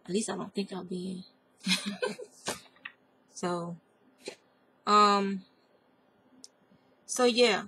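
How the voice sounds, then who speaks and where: Gravelly Southern woman teaching crochet. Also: medium pitch, extremely slow, long pauses, pushed and bright. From American South. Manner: chatty, digressive, talks to viewers as y'all. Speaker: crochet tutorial maker. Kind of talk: casual crafting tutorial.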